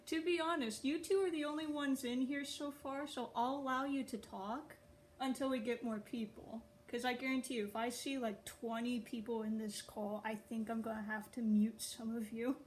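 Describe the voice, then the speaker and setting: This young adult online writer and video creator speaks to viewers in a loose, chatty ramble, often laughing at herself. Her voice is slightly high and steady at normal speed, and the rough phone recording has a little hiss or hum.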